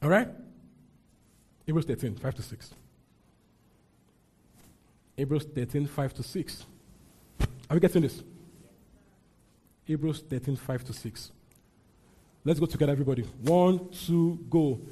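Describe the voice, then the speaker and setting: A male pastor delivers a lively sermon, calling on the congregation to read scripture aloud with him. His voice sits a little high but sounds mellow and warm, with a husky edge. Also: unhurried, pauses often. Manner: call-and-response preaching, leads congregation reading aloud. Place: church with a congregation.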